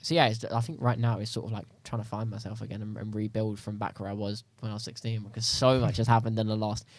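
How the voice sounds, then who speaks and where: A young man, a podcast guest, talking in a rambling, animated way in casual chat. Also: fairly low pitch, no echo. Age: young adult. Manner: fast, rambling, animated storytelling.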